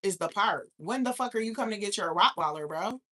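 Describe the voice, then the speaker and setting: A woman's voice: mid-range voice, lively intonation, a little fast, a bit bright. A young woman from New York hosting a livestream, ranting casually with heavy profanity and talking back to her chat. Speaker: livestream host.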